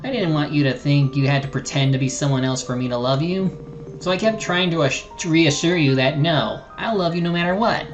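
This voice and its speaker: A woman's voice: low voice, fairly quick, muffled recording, faint music behind, lightly acted. A streamer reading an earnest young woman adventurer. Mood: apologetic. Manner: read aloud with small slips and restarts. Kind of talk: reading game dialogue aloud.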